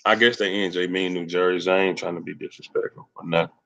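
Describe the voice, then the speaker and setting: A man hosting a sports livestream, ranting angrily and cursing, swinging between loud rants and low mutters. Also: steady tone, fast talker, creaky, lo-fi sound. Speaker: sports channel host. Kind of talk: profane livestream sports rant.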